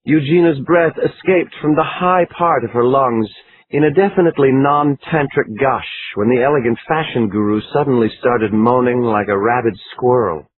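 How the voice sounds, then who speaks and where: A man reading a crime thriller audiobook in a dramatic, expressive way. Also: medium pitch, normal speed, slightly rough. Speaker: audiobook narrator. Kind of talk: scripted narration. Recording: lo-fi phone-like line, faint hiss.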